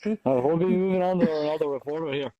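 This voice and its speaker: A man's voice: on the high side, fast, dull audio. Man clowning as a news anchor. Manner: jokey anchor patter, stumbling restarts. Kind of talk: comedic improv, mock newscast.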